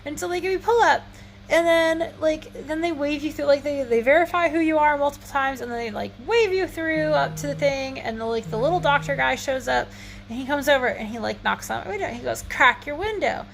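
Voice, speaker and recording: This high, vocal-fried woman talks fairly quickly, rambling through a self-deprecating story to her phone for a casual storytelling vlog. She's chatty, slightly wheezy, and laughs at herself. She's indoors at home, where a running fan hums faintly in the background.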